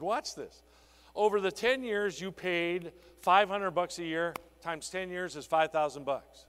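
Animated man telling a sales story in a hall. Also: fairly high pitch. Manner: animated storytelling, acting out a client conversation. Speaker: sales trainer. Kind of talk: conference keynote. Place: conference hall.

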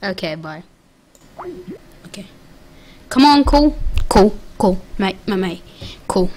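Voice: medium pitch, lively intonation, takes it slowly, darkish tone. A young-sounding prank caller in casual, teasing chat, trading playful insults and acting offended. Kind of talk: casual prank call over a video chat app.

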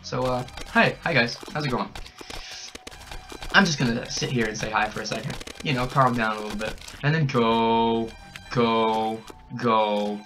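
A young man hyped up on energy drinks, narrating his gameplay, yelling and cackling at every death and win. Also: medium pitch, a little slow, noisy background. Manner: excitable, shouts and cackles at the game. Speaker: gaming channel host. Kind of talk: hyper gameplay commentary. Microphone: desk mic with a camera nearby.

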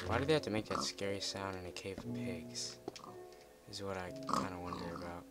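A man giving casual commentary while playing a game, chatty and muttering to himself, with excitable outbursts. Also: low-pitched, normal speed. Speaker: let's play gamer. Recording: loud background noise with keyboard typing.

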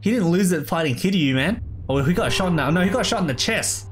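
A man's voice: high voice, lively intonation, brisk. A man giving easygoing let's play commentary, laughing often and calling everyone bro. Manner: laid-back, calls everyone bro, laughs a lot. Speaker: gamer. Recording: game music behind. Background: game music.

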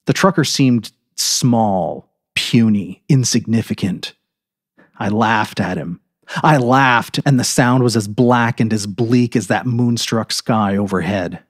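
Low-voiced man reading a dark story. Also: husky, dry recording, clean studio sound. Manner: intense, measured, dramatic pauses. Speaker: narrator.

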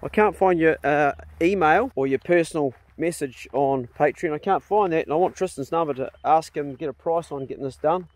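A middle-aged man with a New Zealand accent talking in a casual family vlog on his rural land, blunt and easygoing, calling loudly to his dogs. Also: a little high, brisk, hardly any pauses, dry recording. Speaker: vlogger. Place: outdoors on a rural property.

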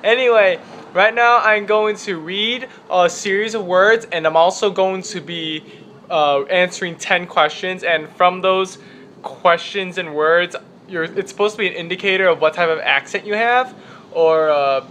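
A man's voice: sits high, a little slow, pushed and bright, a little hiss or hum. Chatty young man with Chicago accent. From Chicago area, US. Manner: chatty, rambling, self-deprecating. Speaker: vlogger. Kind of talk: casual accent-tag vlog. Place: apartment room with window open.

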